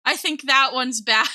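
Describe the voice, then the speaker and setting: A young woman streamer talks to her chat in a high, very bright voice, giggling and flustered. She sounds teary and close to crying, and her pace is slow and unhurried. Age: young adult. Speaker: VTuber streamer. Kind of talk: casual live-stream chat.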